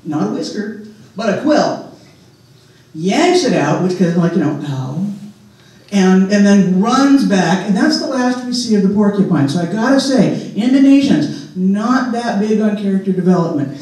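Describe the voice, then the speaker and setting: A man telling a folk tale live to an audience, casual and full of joking asides. His voice is high yet mellow and warm. He is heard from well back in a large hall with a long, ringing echo. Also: lively intonation, moderate pace. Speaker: storyteller. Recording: echoey hall, voice from far off.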